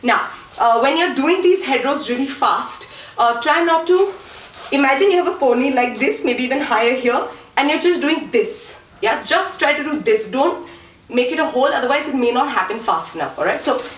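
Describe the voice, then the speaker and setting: A woman's voice: high voice, expressive, normal speed, slight background noise. A woman teaching a dance routine, counting steps and singing rhythm sounds. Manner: counts beats and sings vocal sounds to the rhythm. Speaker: dance instructor. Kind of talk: dance tutorial instruction with counting. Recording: roomy echo, voice from far off, faint ambience.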